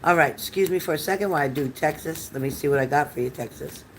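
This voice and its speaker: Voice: mid-range voice, fast talker, rough recording. Older tarot reader, chatty, rambling, reassuring, live-streamed reading, faint background noise.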